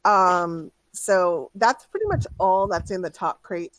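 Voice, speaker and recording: A woman narrating as game master of a tabletop game, halting often with fillers. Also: lowish voice, lively intonation, a bit bright, no echo.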